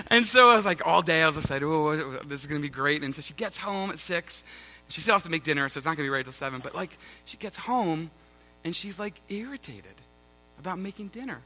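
A man's voice: a little high, lively intonation, quick pace, sharp tone. A man in his thirties, a pastor, giving a sermon with a self-mocking personal story and chatty asides to the congregation. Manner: self-mocking, conversational, addresses congregation as guys.

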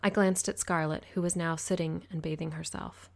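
A woman narrating an audiobook in the first person, in an even, measured reading. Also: sits low, vocal fry.

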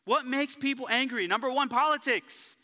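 A man preaching a sermon as pastor, talking in a casual, energetic way, with jokes and personal stories. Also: very high-pitched, normal speed. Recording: live church sanctuary with long reverb.

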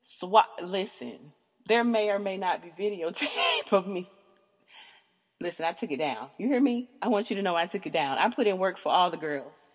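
A woman hosting a podcast tells a candid story in an animated, emphatic way, swearing freely and calling out to her listeners. Her voice is lowish and moderately paced, with a long reverb tail.

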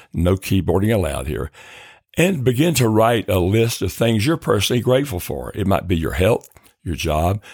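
A man hosting a self-help podcast, giving calm, earnest, encouraging advice into a close mic. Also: sits low, creaky, no room sound. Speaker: counselor and podcast host.

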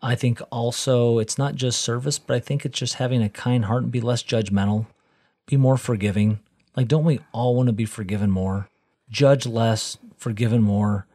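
A man's voice: mid-range voice, fairly even intonation, normal speed, mellow. A middle-aged man co-hosting a faith-based podcast, talking earnestly and repeating phrases for emphasis like a preacher. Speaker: podcast co-host.

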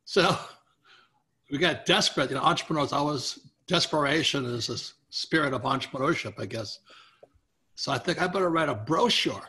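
A man being interviewed as a guest author, telling a story with lively quotes of the people in it. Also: a little high, moderate pace.

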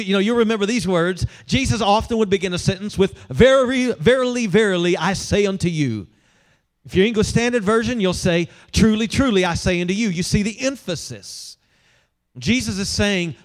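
A man preaching a sermon, conversational and humorous, talking directly to his congregation. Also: high-pitched. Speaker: pastor.

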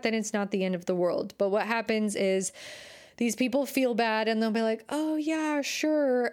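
A young adult woman hosting a dog-training podcast, telling stories casually, full of "like" fillers and lively quoted voices. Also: medium pitch, clear, resonant tone. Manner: chatty, frequent "like" fillers, animated quoted voices. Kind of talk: casual storytelling monologue.

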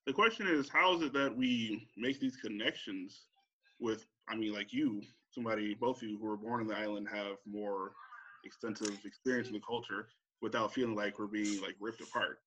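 Man as a podcast guest, relaxed, bright tone, muffled lo-fi recording. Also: on the low side, moderate pace, breathy edge. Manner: relaxed, searching, casual swearing. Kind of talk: casual chat. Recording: dull lo-fi mic.

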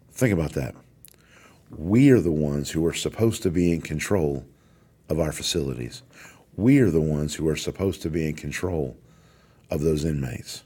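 A man's voice: rumbling low, normal speed, a little mellow, breathy edge. A middle-aged man, hosting a podcast and giving an emphatic motivational talk that repeats its key phrases. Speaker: podcast host, corrections warden.

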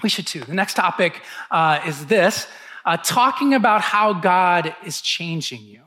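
A man's voice: high-pitched, pushed and bright. A man in his thirties, a pastor giving a conversational sermon, telling stories and acting out what people said. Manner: conversational storytelling, acts out quotes.

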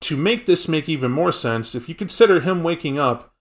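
A man's voice: on the high side, expressive, fairly quick. A man co-hosting a casual podcast, explaining tabletop game lore in a rambling, conversational way. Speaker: podcast co-host.

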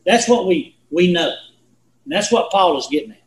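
Guy in his 60s, folksy bible study teacher, kinda high voice, roomy echo. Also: lively intonation, moderate pace. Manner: folksy, rambling storyteller. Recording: echoey room.

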